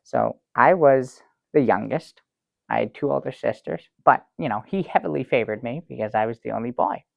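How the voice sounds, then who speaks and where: Guy doing an oblivious sad-sack storyteller, gravelly voice, rambly and earnest, muffled dry sound. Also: mid-range voice, moderate pace, dry recording. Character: naive sad-sack man, middle-aged, earnest and oblivious. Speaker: comedy sidekick telling a story. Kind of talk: improvised sketch comedy banter.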